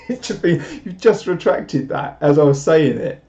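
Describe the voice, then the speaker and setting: A man's voice: fairly high pitch, lively intonation, measured pace, gravelly, dark tone. A British man hosting a casual live stream and chatting through viewer comments in a rambling, self-deprecating way, chuckling often. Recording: dull lo-fi stream audio.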